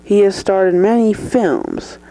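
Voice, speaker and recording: A performer playing a male talk show host who introduces and interviews a guest, halting with fillers. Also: mid-range voice, sing-song, dark tone, poor audio. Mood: formal. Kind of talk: mock interview skit.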